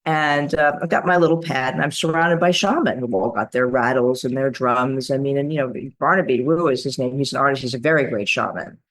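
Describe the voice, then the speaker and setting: A woman guest, an author and creativity coach, telling anecdotes in an animated, theatrical way on a podcast. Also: rumbling low, a little fast, hardly any pauses. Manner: lively, theatrical, acts out voices in her anecdotes. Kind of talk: animated storytelling in a podcast interview.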